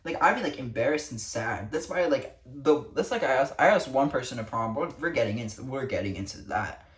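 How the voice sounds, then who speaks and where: A teenage girl rants to her camera, swearing freely and sounding fed up. Her voice sits low but swings widely up and down as she vents. The sound is echoey and picked up from a distance. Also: lively intonation, fairly quick. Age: teens. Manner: profane, exasperated ranting. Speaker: vlogger. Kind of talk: casual rant to camera. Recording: echoey room, distant mic.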